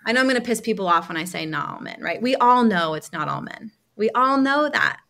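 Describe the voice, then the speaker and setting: High-pitched, brisk and creaky, this woman guests on a podcast as a healing coach. She recounts a personal story with energy, playing out others' dialogue and leaning on plenty of casual fillers.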